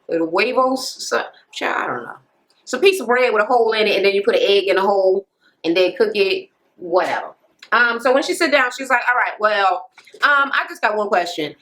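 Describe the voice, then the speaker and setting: A woman's voice: medium pitch, fairly bright tone, poor audio. A woman casually recapping a reality TV episode from home, blunt and profane, acting out the people she quotes. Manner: blunt, profane, retells scenes with quoted voices. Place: home near a police station, helicopter audible. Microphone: camera mic.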